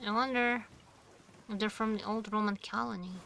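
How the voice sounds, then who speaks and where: A woman playing a story game, musing to herself and reading its text aloud, sounding names out haltingly. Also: medium pitch, steady tone, gravelly, pushed and bright, a little hiss or hum. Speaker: gamer.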